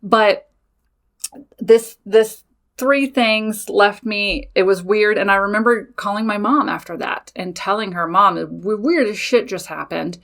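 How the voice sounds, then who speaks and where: A woman who is a mother and a podcast host, casually telling a personal story, animated, swearing freely and talking straight to her listeners. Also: medium pitch, a little slow. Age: adult with children.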